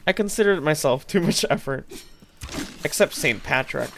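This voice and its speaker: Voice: medium pitch, animated, moderate pace, gravelly, fairly bright tone, slight background noise. A young adult streamer chatting casually with viewers while gaming, joking dryly and swearing now and then. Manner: chats to viewers while playing.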